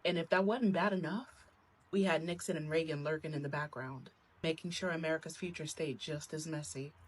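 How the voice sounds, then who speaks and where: A woman's voice: sits low, steady tone, fairly quick, husky, low-quality recording. A woman giving a sarcastic, punchy scripted narration.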